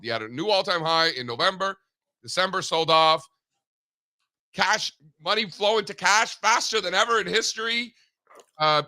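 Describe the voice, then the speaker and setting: A man co-hosting a casual market talk show over a video call, animated and joking, with lots of fillers. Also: fairly high pitch.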